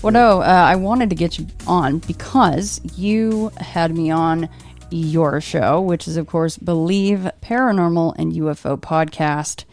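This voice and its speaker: A woman's voice: on the low side, unhurried, darkish tone, soft background music. A woman hosting a podcast, chatting casually and self-deprecatingly, laughing often. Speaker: podcast host. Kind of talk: casual interview chat.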